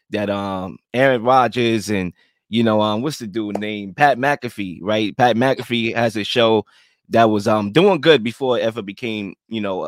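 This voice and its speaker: A man's voice: lowish voice, dry recording, clean studio sound. A man hosting a podcast, talking in a rambling, conversational way with lots of fillers. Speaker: podcast host. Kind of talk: casual debate chat.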